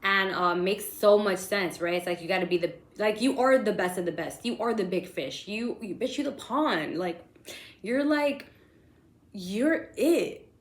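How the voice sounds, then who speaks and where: Excitable young woman rambling through tarot. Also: mid-range voice, normal speed, few pauses, roomy sound. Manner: excitable, rambling, slangy, lots of fillers. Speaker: tarot reader. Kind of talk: casual tarot reading monologue.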